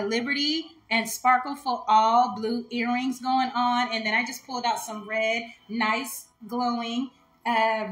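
A woman's voice: on the high side, a bit bright, reverberant, rough recording. A woman hosting a jewelry live stream, talking to viewers in a heartfelt, chatty way. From United States. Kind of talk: casual live-stream talk.

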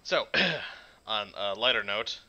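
A man's voice: on the low side, slow. Muttering man narrating his gameplay. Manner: muttering to himself, then loud excited outbursts. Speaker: gaming channel host. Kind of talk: casual let's-play commentary.

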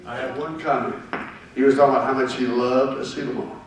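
A man's voice: medium pitch, fairly even intonation, fast talker. Wry man grumbling for laughs, echoey hall. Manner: plain-spoken, wry, complaining for laughs. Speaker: fellow caller speaking from the floor. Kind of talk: humorous anecdote to a live group. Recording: echoey room, voice from far off the mic, faint noise.

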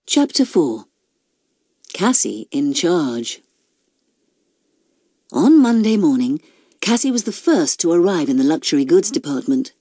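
A woman narrating a children's storybook in a slow, expressive way. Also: low-pitched, dry recording, studio quality. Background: background music.

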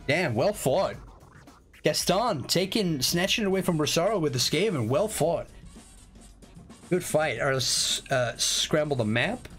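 A young man hosting a live game stream, chatting casually, excitable and swearing freely with rambling restarts. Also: fairly high pitch, measured pace, soft background music.

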